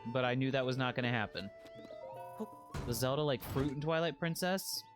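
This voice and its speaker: A man streaming a video game, chatting in a playful, joking way and breaking into excited squeals. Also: mid-range voice, moderate pace, over loud music. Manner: puts on a put-on accent by habit. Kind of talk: casual let's-play commentary.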